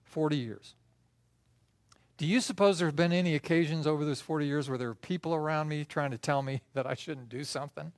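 An older man preaching a sermon as pastor, telling stories with swings between soft and loud. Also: on the high side, fairly quick, no echo, studio quality.

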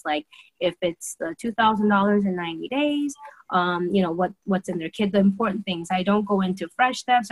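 A woman's voice: medium pitch, rough recording. A woman talking through her sales routine step by step, acting out the phrases she uses with customers. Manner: lively, acts out her own quoted phrases. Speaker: guest sharing sales approach. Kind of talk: casual explanatory talk.

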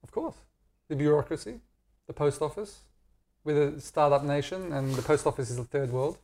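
A man's voice: a little high, moderate pace, a little mellow. A middle-aged Australian man chatting candidly as an interview guest, joking and self-deprecating. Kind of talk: casual interview chat.

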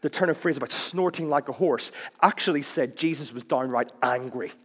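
Preacher, conversational, in a reverberant hall. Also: male voice, mid-range voice, brisk, breathy edge. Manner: conversational, with wry jokes and questions. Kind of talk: sermon.

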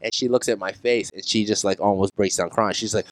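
Laid-back young man, smooth dry voice. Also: lowish voice, steady tone, fast talker, few pauses, dry recording, rough recording. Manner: laid-back storyteller, swears casually. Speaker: podcast co-host. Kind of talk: casual podcast chat, storytelling.

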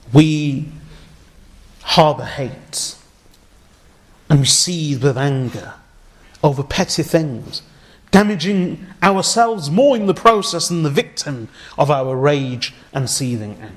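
A man's voice: on the high side, expressive, takes it slowly. Earnest male preacher telling a story. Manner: earnest storytelling, dropping to a hushed tone for moving moments; uses Arabic religious phrases. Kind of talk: sermon.

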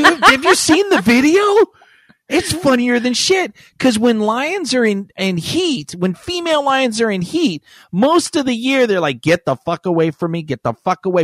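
Crude, lively-voiced woman co-host. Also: fairly high pitch, no echo, studio quality. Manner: crude, joking and irreverent. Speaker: podcast co-host. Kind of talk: casual crude podcast banter.

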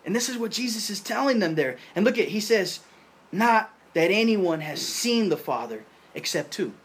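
A man preaching a sermon, animated and slangy, acting out the people in the passage in loud bursts. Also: high-pitched, normal speed, husky. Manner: animated preacher with slangy asides, voicing crowds and Jesus in louder bursts. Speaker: pastor.

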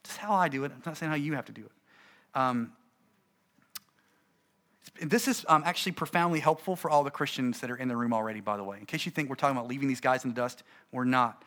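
A middle-aged man, a pastor, gives an animated, conversational talk to fellow preachers and acts out his stories. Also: medium pitch, fast.

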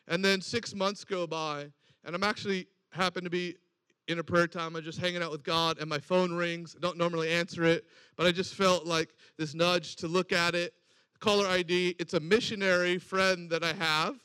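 High bright-voiced male preacher. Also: level tone, normal speed, smooth, no echo. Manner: storytelling with acted-out quoted dialogue. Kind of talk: sermon.

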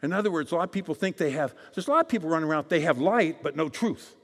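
A male preacher giving a dramatic sermon, swinging between loud proclamations and hushed asides and calling out for audience responses. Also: a little high, animated, rapid-fire. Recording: long hall reverb.

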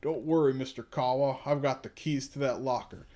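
A man's voice: medium pitch, moderate pace, dark tone, natural voice. A man doing a dim, bored security guard. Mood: dismissive.

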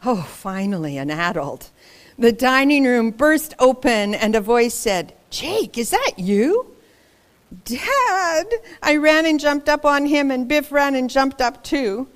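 A woman reading a children's picture book aloud, expressive and dramatic, pausing for asides to young listeners. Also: sits high, clean tone. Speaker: storybook reader.

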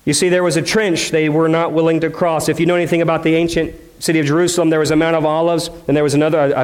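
A male pastor preaching a sermon in a conversational, dramatic way, asking the crowd questions and acting out the voices he quotes. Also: fairly high pitch.

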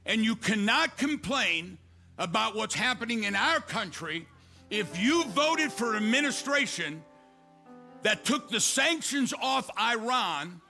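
A middle-aged male pastor preaching a fiery, impassioned sermon with shouted declarations. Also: sits high, lively intonation, unhurried, vocal fry, soft background music.

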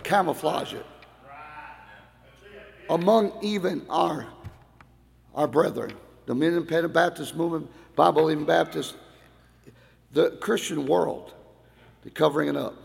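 A middle-aged man, a pastor, preaching an old-time Baptist sermon in a church, going from quiet talk to loud shouted passages. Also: fairly high pitch, vocal fry. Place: church hall. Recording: long hall reverb.

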